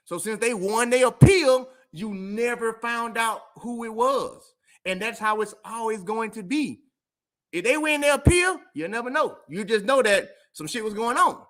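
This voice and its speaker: High, animated man ranting casually. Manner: emphatic, repetitive, slangy. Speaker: vlog host.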